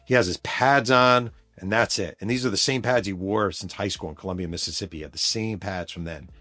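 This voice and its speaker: This dry recording features a man with a fairly low pitch. He's a podcast host and author, and he tells his story with casual, emphatic energy and lots of cursing.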